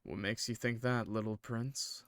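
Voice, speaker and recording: A man voicing a smooth, mysterious young male neighbor who speaks slowly and softly. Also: fairly low pitch, fairly even intonation, no echo, close to an everyday voice. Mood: suggestive. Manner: slow, soft, suggestive.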